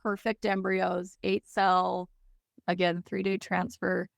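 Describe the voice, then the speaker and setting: A woman's voice: on the low side, level tone, takes it slowly, creaky, no echo, studio quality. A woman as an interview guest, telling a personal story candidly and emotionally, with many "like"s.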